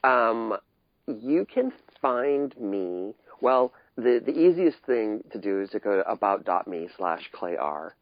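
A man's voice: fairly low pitch, lively intonation, takes it slowly, no room sound. A middle-aged man, a guest in a casual chat, rambling and laughing often. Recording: dry muffled recording.

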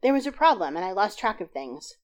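A woman voicing a steady, easygoing husband who speaks in an unhurried, even way and quietly teases. He sounds like a character in a read-aloud short story. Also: high-pitched, clear, resonant tone. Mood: calm. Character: calm, patient adult husband, gently teasing.

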